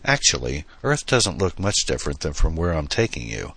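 A calm, precise alien pilot voiced by a man who speaks formally and deadpan. The voice is very low with a bright, slightly husky tone, close and dry. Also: moderate pace, dry recording, full character voice.

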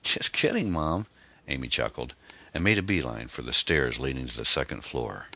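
A man narrating a mystery novel in a measured, even storytelling manner. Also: very deep voice, vocal fry, no room sound. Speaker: audiobook narrator. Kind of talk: scripted narration.

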